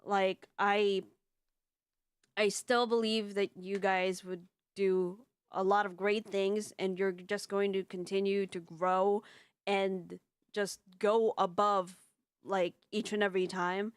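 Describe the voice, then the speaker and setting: A woman's voice: medium pitch, little pitch movement, slow, smooth, dry recording. A young woman leading a voice-dubbing group, thanking her team in casual, rambling chat with many restarts. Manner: effusive, grateful, rambling with restarts.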